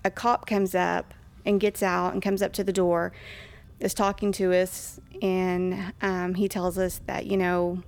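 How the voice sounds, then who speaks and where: A woman's voice: lowish voice, little pitch movement, measured pace, a little mellow. A woman casually telling a ghost story from her own life, chatty and full of fillers. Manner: chatty, with frequent fillers and acted-out quotes.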